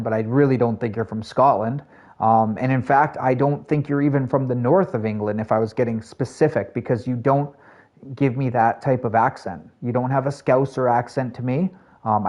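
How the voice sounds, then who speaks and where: A man streaming a shooter game, chatting casually with his viewers in a rambling, filler-heavy way that jumps to excited highs. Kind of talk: casual live-stream gameplay chat.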